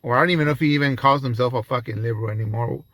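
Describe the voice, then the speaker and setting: A man's voice: mid-range voice, racing, a bit bright, no echo. A man giving an angry, profane reaction commentary, ranting heatedly.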